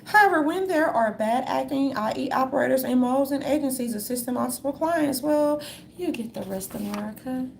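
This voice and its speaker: A woman in a casual monologue, reading from notes in a sassy manner and calling listeners darlings, with a gravelly voice. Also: high-pitched, expressive, brisk, slight background noise.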